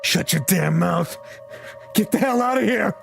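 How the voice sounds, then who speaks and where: A man voicing a hot-tempered young male gang leader in a game read-through, snarling and yelling threats. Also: mid-range voice, very animated, normal speed, soft background music.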